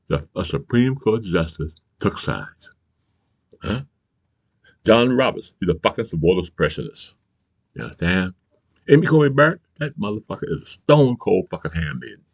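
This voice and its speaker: A man hosting his own channel, delivering a profane, angry political rant, bursting into shouts and asking "you understand?" again and again. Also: low-pitched, very animated, normal speed, creaky, dry recording. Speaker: channel host.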